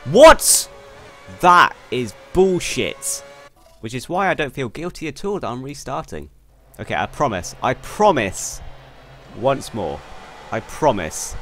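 A young man commentating on his own racing game run, excitable and quick to swear in frustration. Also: mid-range voice, soft background music. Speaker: gaming YouTuber. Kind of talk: gameplay commentary. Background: faint game car engine noise.

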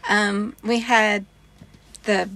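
A woman with a mid-pitched voice chats casually with her co-host. She lists details in an easy, matter-of-fact way. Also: flat delivery, drawn-out words, a bit bright. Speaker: co-host reviewing breweries. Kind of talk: casual chat.

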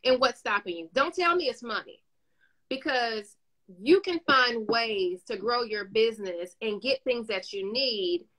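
A woman's voice: on the high side, a little slow, rough recording. A woman with a New York accent, a business owner and coach, telling stories in casual conversation and acting out the quotes. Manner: animated storytelling, acts out quotes.

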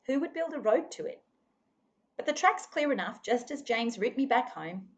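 A woman's voice: on the high side, sing-song, moderate pace, voice pushed up. A woman voicing a pioneer father who sounds brave and reassuring, forcing cheer.

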